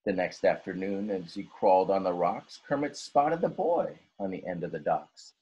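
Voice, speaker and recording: A male teacher reading a rhyming story aloud in an expressive, sing-song way. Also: low voice, moderate pace, slightly rough, highs cut off.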